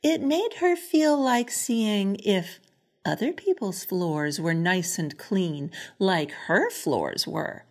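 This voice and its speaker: Soft, whispery woman reading a storybook. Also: mid-range voice, slow. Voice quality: soft and often whispery, expressive. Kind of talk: storybook read-aloud narration.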